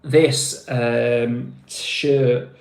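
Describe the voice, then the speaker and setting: A man's voice: medium pitch, fairly even intonation, extremely slow, creaky. Rambling Mancunian man in a roomy space. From Manchester, England. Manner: rambling, filler-heavy, calls viewers mate. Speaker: live-stream host. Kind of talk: casual live-stream chat.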